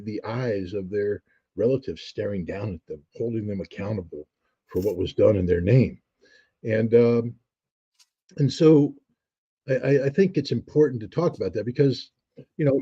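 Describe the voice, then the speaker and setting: A man's voice: mid-range voice, dark tone, breathy edge, lo-fi sound. A man, a guest on an interview show, telling stories reflectively with frequent restarts and fillers. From United States. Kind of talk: conversational storytelling.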